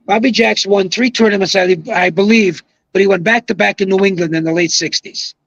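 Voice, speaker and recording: A man's voice: high-pitched, steady tone, fairly quick, gravelly, a bit bright, dry recording, dull audio. A man in his seventies, a retired bowling pro, telling long rambling stories with emphatic asides in casual podcast conversation. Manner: rambling, emphatic anecdotal storyteller. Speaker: guest, retired pro bowler.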